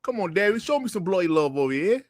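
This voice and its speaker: A man putting on a deliberately bad British accent to mock a male executive. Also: sits high, sing-song, dry recording, clean studio sound, pitched below the performer's own voice. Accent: put-on British. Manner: exaggerated, mocking.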